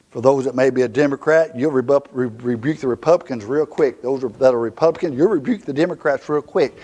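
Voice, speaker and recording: A male pastor with a Southern US accent preaching a fiery, emphatic sermon in a church, swinging from loud to hushed. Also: medium pitch.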